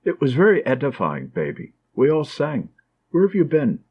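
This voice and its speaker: A man's voice: on the high side, huge pitch swings, moderate pace, husky, pitched above the performer's own voice, exaggerated voice. A man voicing a boisterous young army surgeon who teases in a mocking, playful way, in a slightly dull lo-fi recording. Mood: teasing.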